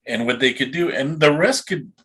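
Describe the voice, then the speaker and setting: A man on a recruiting panel, explaining points calmly with some restarts. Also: mid-range voice, moderate pace, breathy edge. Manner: calm, explanatory with repeated restarts. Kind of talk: casual panel discussion.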